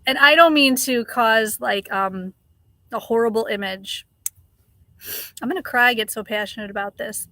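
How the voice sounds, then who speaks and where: Middle-aged woman, live streamer, heated unhurried rant, bright tone, dry close sound. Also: on the high side, no echo. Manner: passionate, ranting, swears, greets chat viewers. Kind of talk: casual livestream chat.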